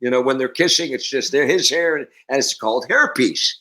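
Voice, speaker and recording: A man in his sixties from Canada, a musician guest telling stories in a casual interview, animated and acting out the voices. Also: mid-range voice, a little fast, low-quality recording.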